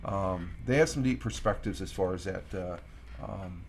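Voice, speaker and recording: A middle-aged man from Upstate New York hosts a casual morning livestream, rambling with lots of fillers and slowly reading quotes aloud. His voice is low and creaky, with a bit of hiss or hum in the background.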